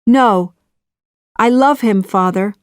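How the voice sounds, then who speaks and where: A woman's voice: medium pitch, takes it slowly, a little mellow, no echo, clean studio sound, lightly acted. A woman voicing a brave young heroine who pleads and cries out, in a children's audiobook reading. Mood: pleading.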